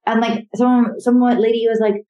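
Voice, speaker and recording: A woman's voice: a little high, little pitch movement, fast, dull audio. A young woman and comedian chatting casually over a video call, telling rambling stories full of fillers. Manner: rambling storytelling with many fillers. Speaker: comedian guest.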